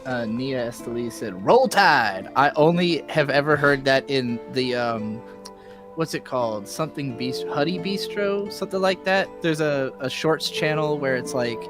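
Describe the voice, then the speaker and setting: A man hosts a casual podcast, reading comments out loud in a voice of middling pitch. He talks in an easygoing way and often trails off while he searches for a word. Music is clearly audible behind him. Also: moderate pace. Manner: easygoing, trailing off and hunting for words. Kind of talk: casual chat.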